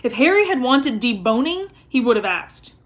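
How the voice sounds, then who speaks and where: A woman's voice: fairly high pitch, big pitch swings, moderate pace. Teasing teenage schoolboy, voiced by a woman reader. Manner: teasing, grinning. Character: cheeky teenage schoolboy friend.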